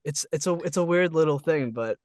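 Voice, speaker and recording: A man with a somewhat high voice hosts a casual interview over a video call. He is relaxed, laughs often and uses many fillers. The sound is dry and close. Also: a little fast, no echo. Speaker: interview host.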